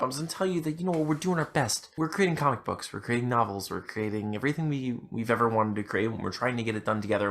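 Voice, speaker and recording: Young man, podcast host, casual rambling chat, self-deprecating, many restarts, mid-pitched voice. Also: fairly bright tone.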